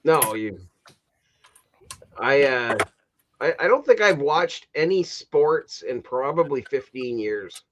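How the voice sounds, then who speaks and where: A man's voice: medium pitch, animated, slow, long pauses, lo-fi sound, background noise. A man from Canada hosting a casual livestream chat, telling rambling stories full of fillers and restarts and laughing at his own stories. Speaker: livestream host.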